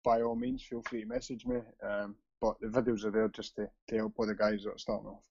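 A man's voice: on the low side, level tone, fast, darkish tone, slightly rough, dry recording. Sweary Scottish man, lo-fi podcast. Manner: sweary, blunt banter. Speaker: podcast co-host. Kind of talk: casual podcast chat. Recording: dull lo-fi sound.

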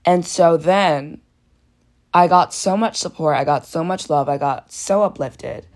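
A young woman in college with a croaky, dehydrated voice, candidly telling a raw personal story in a casual vlog. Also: low voice, unhurried, a little mellow. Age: young adult. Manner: candid, raw, frank storytelling with blunt language.

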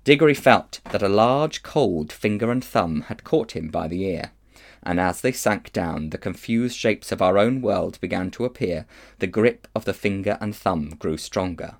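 A man reading a children's novel aloud in an expressive storytelling manner. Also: sits low, normal speed, gravelly. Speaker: children's book reader.

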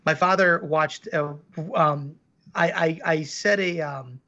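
A man co-hosting a podcast in casual chat, rambling and animated with lots of fillers. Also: on the high side, takes it slowly, highs cut off. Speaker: podcast co-host, animation studio co-founder.

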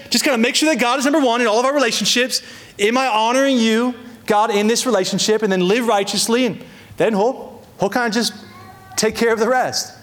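A young man delivers a sermon in a notably high voice, leaning hard on key phrases and slowing right down to let them land. He repeats words as he builds a point and slips into little acted-out voices for quoted prayers. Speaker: pastor.

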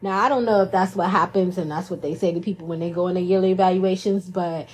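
A woman hosts a podcast and talks straight into a studio microphone. Her voice is a touch husky. She chats casually, teases and hypes herself up in a jokey way. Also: fairly low pitch, steady tone, quick pace. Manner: playful, jokey, self-praising. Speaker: podcast host. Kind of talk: casual chat.

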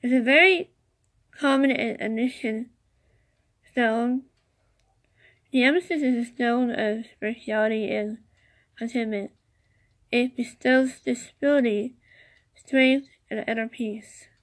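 Woman podcast host, slightly high voice, slow halting read with fillers, chatty asides. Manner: slow, halting reading with many fillers and restarts. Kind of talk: casual solo podcast about crystals.

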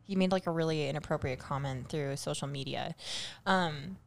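A woman's voice: low-pitched, normal speed, creaky. A young woman co-hosting a casual chat, talking candidly, swearing often and restarting her sentences. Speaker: podcast co-host.

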